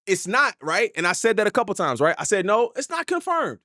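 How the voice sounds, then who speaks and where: A man doing live stream reaction commentary, animated, repeating himself and laughing often. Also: sits high, a little fast, dry recording, clean studio sound. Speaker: hip hop reaction streamer. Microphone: desk mic.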